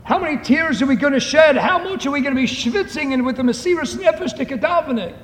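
A man giving an impassioned sermon full of stories that rises to shouts. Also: very high voice, animated, fast talker, a little hiss or hum. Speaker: preacher. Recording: echoey hall, faint ambience.

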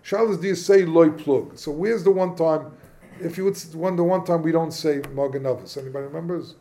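A man gives an informal Torah class, peppered with Hebrew and Yiddish terms. His voice sits a little high. He asks questions and works through the points in a loose, chatty way. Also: brisk, mellow. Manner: casual, questioning, yeshivish phrasing mixed with English. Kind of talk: informal Talmudic lesson.

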